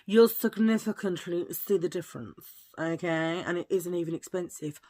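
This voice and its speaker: Lady vlogger, low-ish voice, chatty, cracking corny jokes. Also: moderate pace, a little mellow. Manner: chatty, jokey, rambling asides. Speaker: beauty vlogger. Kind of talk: casual chat to camera.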